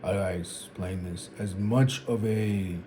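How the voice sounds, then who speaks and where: A man's voice: low-pitched, steady tone, a little slow, dark tone, a little hiss or hum. A young man from Zimbabwe thinking aloud in a reflective vlog, meandering and repeating phrases as he works through his thoughts. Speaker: vlogger. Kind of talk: reflective solo talk to camera.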